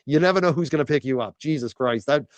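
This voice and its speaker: A man's voice: medium pitch, quick pace, no room sound. A man chattily telling anecdotes in a played clip. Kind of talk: storytelling in a clip.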